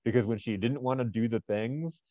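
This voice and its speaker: A man's voice: mid-range voice, normal speed, mellow, dry recording, lo-fi sound. A man co-hosting a podcast, chatting casually and telling stories in an earnest, motivational way. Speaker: podcast co-host.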